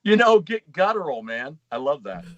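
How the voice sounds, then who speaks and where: A man guesting on a gaming podcast, joking and teasing the others. His voice sits fairly high and swings widely in pitch as he talks. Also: normal speed, dry recording, muffled recording. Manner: jokey, teasing, animated. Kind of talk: casual joking chat.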